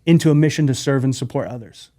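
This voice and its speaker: A podcast host chats casually with his guest in an interview, encouraging them along. He talks fast, with a medium-pitched, dark-toned voice.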